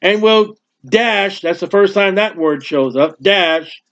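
A man teaching a Bible passage verse by verse, emphatic and repetitive, with conversational asides and quick jokes. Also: high-pitched, a bit bright. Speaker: preacher. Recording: dull lo-fi recording.

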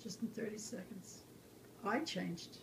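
A woman's voice: mid-range voice, unhurried, gravelly, background noise. A woman in her nineties, a grandmother talking to her grandson about her life in an earnest, storytelling way. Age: 90s. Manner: animated, acts out remembered quarrels in a raised voice; earnest, drops to a quiet hush on life lessons. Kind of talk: reflective personal storytelling.

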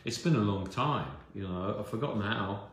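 A middle-aged American man chatting casually while signing autographs, relaxed and rambling with many fillers. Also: fairly low pitch, moderate pace. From United States. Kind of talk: casual chat during a live autograph stream. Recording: very echoey room, faint background hum.

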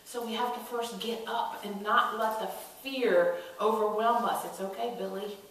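A woman's voice: a little high, steady tone, unhurried, fairly bright tone. A woman pastor giving a sermon, telling stories and acting out the quoted voices as she builds to emphatic calls. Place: church sanctuary. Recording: echoey church from a distant mic.

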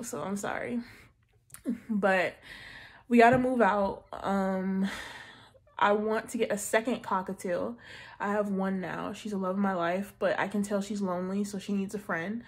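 A young woman in her twenties talks straight to her viewers in a loose, slangy way. Her delivery is chatty and animated, full of asides and jokes, with a middle-pitched voice. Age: 20s. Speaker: budgeting vlogger. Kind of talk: casual chat.

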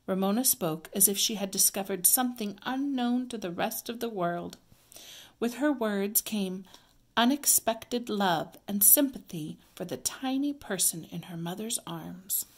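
A woman teacher reading a children's story aloud, clear, expressive and measured. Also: mid-range voice.

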